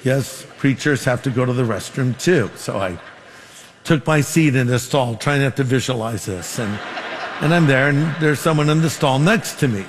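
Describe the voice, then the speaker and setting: A man's voice: medium pitch, lively intonation, normal speed, big-room sound, a little hiss or hum. A man preaching a sermon as pastor, making numbered points and telling stories with quoted dialogue.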